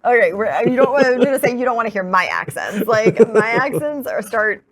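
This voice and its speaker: A woman's voice: on the high side, expressive, a little fast. A woman hosting a podcast, chatting in an upbeat, rambling way with fillers. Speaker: podcast host. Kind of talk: casual podcast chat.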